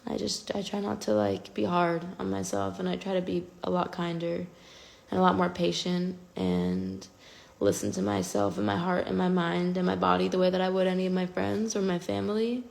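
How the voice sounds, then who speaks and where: A woman's voice: fairly low pitch, normal speed, creaky, a little mellow. A woman in her twenties chatting candidly and confessionally to fans on a phone livestream from home, rambling and self-conscious.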